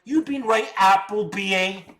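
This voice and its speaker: A man's voice: sits high, a little slow, a bit bright, a little hiss or hum. A middle-aged man hosting a live stock-trading stream, boasting and combative, repeating words for emphasis.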